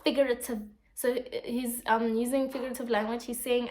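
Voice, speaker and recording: A woman's voice: on the high side, little pitch movement, brisk. A woman explaining a poem in a casual lesson, reading lines aloud and asking rhetorical questions.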